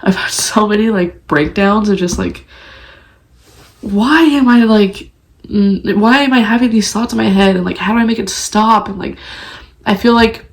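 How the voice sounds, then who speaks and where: Young mom vlogger, confessional and halting, mid-pitched voice, faint music underneath. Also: female voice. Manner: candid, halting, many fillers and restarts. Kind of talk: confessional casual chat.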